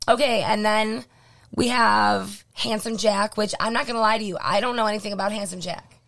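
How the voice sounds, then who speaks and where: Hoarse woman radio co-host, gravelly. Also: mid-range voice, fairly even intonation, moderate pace, a bit bright. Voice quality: gravelly, throat-clearing. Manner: blunt, joking, lots of ums. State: losing her voice, hoarse. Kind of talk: casual radio chat.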